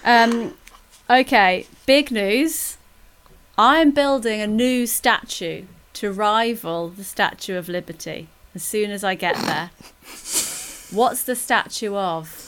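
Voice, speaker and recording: A woman's voice: mid-range voice, slow, fairly bright tone. A young English woman chatting casually on a podcast, joking as she lays out plans. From England. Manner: playful, jokey storytelling. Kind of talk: casual chat.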